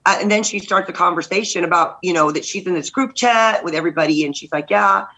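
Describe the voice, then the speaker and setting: A middle-aged woman from Texas, a guest candidate telling lively stories in a podcast interview and acting out the voices in them. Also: fairly low pitch, fast talker, husky, low-quality recording. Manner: lively, acts out voices in anecdotes. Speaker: guest, state senate candidate. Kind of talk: animated storytelling in a podcast interview.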